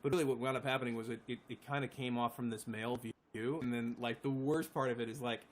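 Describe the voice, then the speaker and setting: A man's voice: medium pitch, steady tone, fast, slight background noise. A man who writes and sings his own songs, chatting casually as a live-stream guest in a rambling, self-deprecating way with easy swearing. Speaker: singer-songwriter guest.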